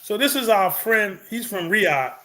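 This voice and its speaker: A man's voice: sits high, lively intonation, measured pace, a loud crowd. A man hosting a casual chat, asking questions and laughing easily. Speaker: host.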